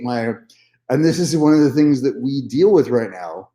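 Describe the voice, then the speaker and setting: A man's voice: mid-range voice, expressive, normal speed, mellow, roomy sound. A man telling a personal story in a casual vlog monologue, candid and repetitive, swearing freely. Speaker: vlogger.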